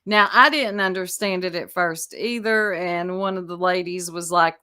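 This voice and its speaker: Lady streamer, slow easy talk, laughs a lot, chats w viewers. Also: lowish voice, sharp tone. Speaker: commentary streamer. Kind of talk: casual reaction commentary.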